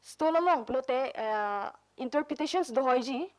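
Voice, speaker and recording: A woman's voice: high voice, expressive, moderate pace, a little mellow, rough recording. A woman presenting a workshop lecture, mixing two languages as she explains terms and examples. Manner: switches between Karbi and English, explains with examples. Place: conference room.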